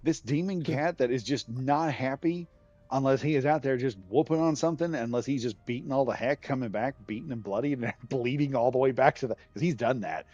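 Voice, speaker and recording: A man's voice: medium pitch, a little fast, hardly any pauses, darkish tone, no echo. Streamer guy telling a story, laughs a lot, kinda muffled dry mic. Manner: laughing, rambling, down-to-earth. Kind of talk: casual storytelling chat. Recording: dull dry lo-fi sound.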